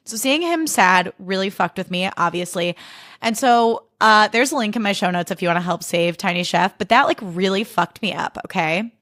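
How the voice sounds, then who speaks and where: A woman's voice: mid-range voice, brisk, a bit bright, no room sound, studio quality. Candid, swearing woman podcast host. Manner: candid, emotional, swears freely. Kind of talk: casual solo chat.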